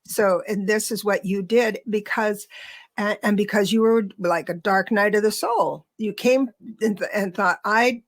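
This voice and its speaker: A woman's voice: medium pitch, unhurried, dry recording. Chatty woman hosting a podcast. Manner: chatty, laughs easily, restarts sentences. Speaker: podcast host. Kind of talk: conversational interview.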